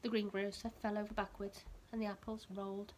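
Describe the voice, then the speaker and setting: A woman teacher reading a children's story aloud, expressive and adding gentle asides for young listeners. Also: medium pitch, a little fast, slight background noise.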